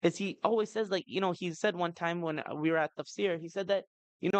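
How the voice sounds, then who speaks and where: This man in his thirties has a clear, resonant voice that sits high, and he speaks fairly quickly while addressing parents at a community family seminar. His chatty talk is full of "you know" and "right?" asides, captured in a dry recording with poor audio.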